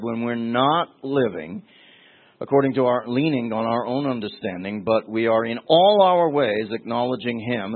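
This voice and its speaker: Slow-preaching man on a tinny recording. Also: mid-range voice. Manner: slow, deliberate teaching with frequent restarts and asides. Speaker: pastor. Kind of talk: sermon. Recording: tinny phone-like sermon recording.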